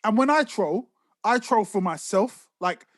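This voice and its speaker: A man's voice: sits high, a little slow, dry recording. A man co-hosting a podcast, telling stories in casual, swearing chat. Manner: swearing, animated storytelling. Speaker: podcast co-host.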